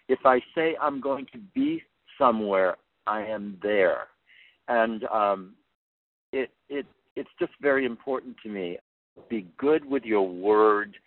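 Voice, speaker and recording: A man's voice: fairly low pitch, no room sound. An older man, a figure skating coach, answering interview questions in an earnest, plainspoken way, often repeating words as he thinks. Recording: tinny phone-line sound, dry.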